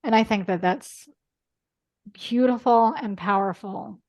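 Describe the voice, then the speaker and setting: A woman guest on a podcast, talking earnestly in casual chat, with quick bursts and lots of "like". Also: mid-range voice.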